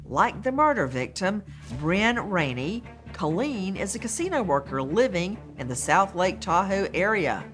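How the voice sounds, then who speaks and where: A woman's voice: mid-range voice, big pitch swings, measured pace, hardly any pauses, music in the background. A woman narrating a true-crime show in a dramatic, emphatic scripted style.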